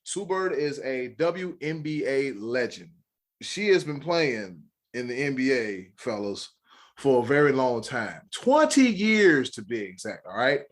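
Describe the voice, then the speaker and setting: A man's voice: mid-range voice, sing-song, a little slow. A man with an American accent co-hosting a sports podcast, rattling off stats with jokey asides. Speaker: podcast co-host. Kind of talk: casual sports chat.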